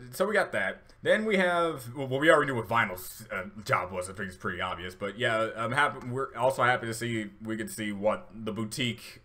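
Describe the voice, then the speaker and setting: A man's voice: fairly low pitch, pushed and bright. A man hosting a casual reaction video, rambling with many fillers and restarts, and getting emotional at times. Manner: emotional, laughing through tears.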